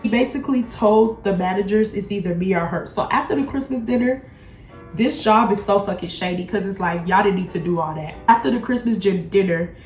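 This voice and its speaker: A young woman vlogger telling a blunt, profane storytime in a casual, animated way. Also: medium pitch, brisk. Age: young adult. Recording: echoey room, faint music.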